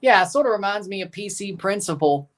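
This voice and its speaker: A man's voice: high-pitched, expressive, fairly quick. A young man giving rambling, jokey live commentary while watching a match and chatting to his viewers. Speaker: watchalong streamer.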